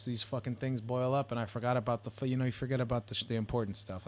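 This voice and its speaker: A man's voice: medium pitch, a little mellow. A young man hosting a solo podcast from home, rambling and swearing in a casual, self-deprecating rant. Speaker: podcast host.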